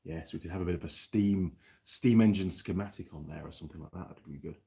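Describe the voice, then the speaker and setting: A man's voice: sits low, fast, vocal fry, dark tone. A man hosting a casual livestream, rambling as he reads out viewer comments and tells a story. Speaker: livestream host. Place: New Zealand.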